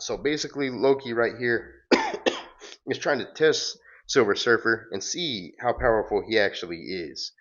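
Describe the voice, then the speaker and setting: A man's voice: medium pitch, a little slow, a bit bright. A man hosting a casual comic-book read-along, rambling with fillers and self-corrections, on a dull lo-fi recording. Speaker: host reading and recapping comics.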